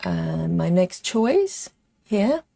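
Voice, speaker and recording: Slow, gravelly-voiced woman hosting a live stream. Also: on the low side, big pitch swings, warm tone, no room sound. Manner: unhurried, reads chat comments aloud while counting stitches. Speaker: livestream host stitching live. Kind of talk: casual live-stream chat.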